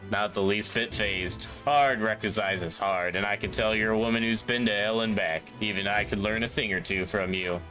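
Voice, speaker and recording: A man voicing a gruff, world-weary hard-boiled male detective with a clipped, growling drawl. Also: on the low side, fairly even intonation, moderate pace, few pauses, pushed and bright, soft background music, pitched below the performer's own voice.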